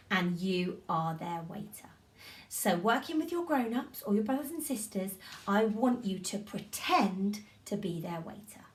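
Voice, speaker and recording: A woman teaching a drama session to young children, giving animated, coaxing instructions and encouragement. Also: medium pitch, distant mic. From United Kingdom.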